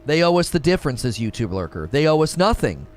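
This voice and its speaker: American guy streaming and reading chat, slightly high voice, super lively, laughs a lot, faint music behind. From United States. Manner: animated, laughs often, quick restarts. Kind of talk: casual live stream chat.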